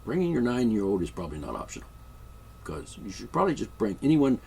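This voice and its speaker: Lower-voiced man rambling mock-royal jokes. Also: sing-song, fast, gravelly, darkish tone, distant mic, a little hiss or hum. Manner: mock-royal, joking and meandering. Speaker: vlogger. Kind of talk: rambling comic monologue.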